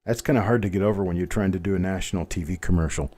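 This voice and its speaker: A man's voice: low-pitched, fairly quick, few pauses, warm tone. A man in his fifties with a general Midwestern accent, hosting a live coin-hobby stream in a chatty, folksy way with rambling asides. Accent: general Midwestern American. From American Midwest. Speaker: coin hobby livestream host. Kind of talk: live unboxing commentary.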